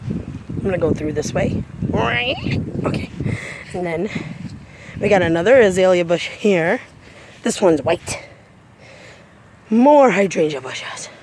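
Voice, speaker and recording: A woman cosplayer giving a casual walking tour of her backyard garden. She talks chattily, repeats her phrases, and breaks into high squeals of delight. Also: measured pace, pauses often, background noise. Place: outdoors in a home backyard garden.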